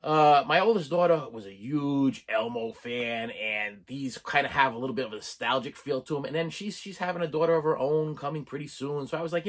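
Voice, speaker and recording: A man's voice: medium pitch, fairly quick, hardly any pauses. A middle-aged man hosting a casual movie-haul video, rambling along with frequent restarts, stammers and chuckles. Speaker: channel host reviewing a movie haul. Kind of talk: casual chat to camera.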